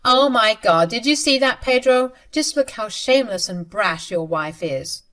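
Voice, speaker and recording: A woman voicing a scheming pregnant mistress who talks in a shrill, accusing way. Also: expressive, a little slow, fairly bright tone. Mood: indignant.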